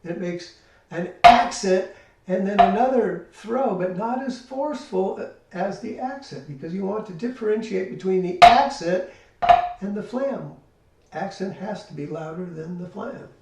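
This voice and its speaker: A man's voice: high-pitched, expressive, measured pace. An older man giving a spoken drum lesson, explaining step by step and counting rhythms aloud. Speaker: drum teacher. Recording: echoey room, distant mic, loud hiss.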